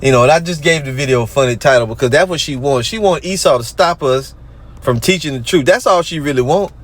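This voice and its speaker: A fast-talking man with a medium-pitched voice rants casually as a commentator on a religious group. Between mocking remarks, he reads scripture verses aloud.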